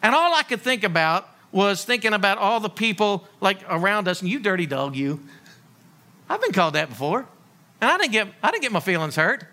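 A man's voice: high voice, sing-song, fairly quick, sharp tone. A man preaching a sermon as a pastor, full of rhetorical questions and folksy humor.

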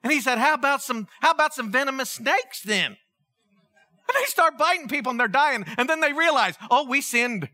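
High-voiced, bright, lively male pastor. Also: brisk. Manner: animated, conversational preaching with acted-out dialogue. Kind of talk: sermon.

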